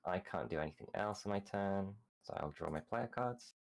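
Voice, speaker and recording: A man's voice: low-pitched, moderate pace, gravelly. A man chatting in an upbeat way while taking his turn in a board game. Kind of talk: casual chat.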